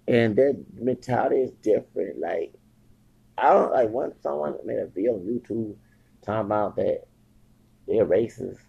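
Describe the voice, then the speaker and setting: Man in his forties, heavy gravelly fry, husky, rambling podcast talk with Spanish slipped in, dull lo-fi sound. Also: on the low side, lively intonation, moderate pace, mellow. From Houston, Texas. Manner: rambling, switches into Spanish, frequent fillers. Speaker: podcast host. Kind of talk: casual monologue. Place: at home, near the kitchen.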